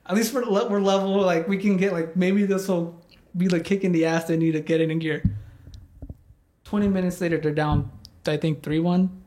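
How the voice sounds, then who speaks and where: A young man with a slightly raised pitch tells a story in loose, casual chat. He rambles and leans on "like" filler after filler, and he swears freely as he vents. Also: steady tone, normal speed, darkish tone. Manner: rambling, heavy use of "like", swears a lot.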